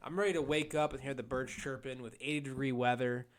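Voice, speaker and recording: A man's voice: mid-range voice, fairly even intonation, fast talker. A young man co-hosting a casual podcast, rambling and swearing, often repeating himself as he goes. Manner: rowdy, profane, rambling with repeated restarts. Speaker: podcast co-host. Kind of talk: casual chat.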